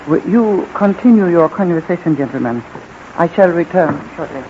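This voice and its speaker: A man acting out a composed army general who speaks in a formal, measured way. His voice comes through a muffled old radio broadcast with a light hiss underneath. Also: fairly high pitch, expressive, close to an everyday voice. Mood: commanding. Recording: dull old radio recording with faint hiss.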